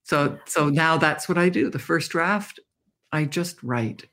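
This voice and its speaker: A woman's voice: sits low, expressive, measured pace, fairly bright tone. An older woman, a guest author speaking candidly and reflectively in an interview. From Canada. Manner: reflective, candid storytelling with laughs. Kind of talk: interview conversation.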